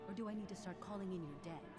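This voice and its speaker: A woman's voice: fairly low pitch, fast talker, over loud music, close to an everyday voice. An actress voicing a pushy, preachy woman in a narrative video game, talking insistently.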